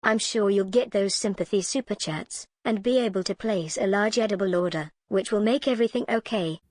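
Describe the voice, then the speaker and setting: Woman commentator, sarcastic and cutting, mid-pitched, dead-dry recording. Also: brisk, a little mellow, no room sound. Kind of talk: reaction commentary voice-over.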